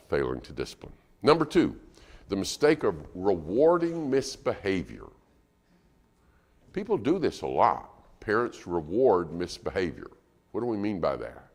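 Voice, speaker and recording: Man, guest preacher, sermon, animated pitch, conversational, echoey church hall. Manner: conversational, asks the congregation questions. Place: church auditorium.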